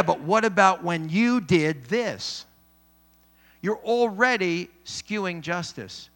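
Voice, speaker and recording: A man preaching a sermon in an earnest, measured way, with emphatic pauses. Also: sits high, a bit bright.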